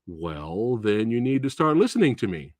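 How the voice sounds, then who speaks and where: A man's voice: lowish voice, big pitch swings, moderate pace, no room sound. A man playing a stern schoolteacher, lecturing, dry close sound. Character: exasperated male schoolteacher, stern.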